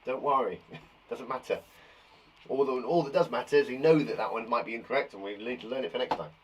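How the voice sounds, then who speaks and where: A male teacher giving a cheerful, encouraging live spelling lesson to young children from a garden shed, saying each word slowly and clearly. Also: mid-range voice, lo-fi sound. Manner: cheerful, encouraging, slow and clear dictation of words. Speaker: primary school teacher.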